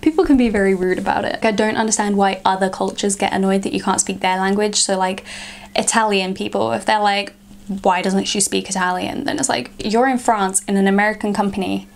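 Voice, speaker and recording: A woman's voice: medium pitch, fairly even intonation, fast talker, vocal fry. A young woman, chatting casually to camera in a vlog and filling her sentences with "like". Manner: chatty, frequent "like" fillers. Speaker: vlogger.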